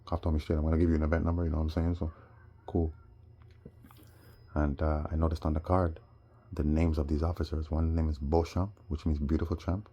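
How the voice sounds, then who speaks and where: A man telling a rambling personal story, animated and sometimes heated. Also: a bass voice, normal speed, pauses often, breathy edge, highs cut off. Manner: animated, rising to heated outbursts.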